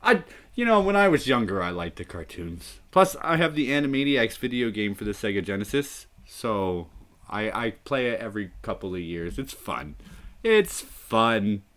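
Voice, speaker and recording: Bright chatty guy rambling on his stream, laughs a lot. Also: lowish voice, lively intonation, normal speed. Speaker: streamer host. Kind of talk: casual livestream chat.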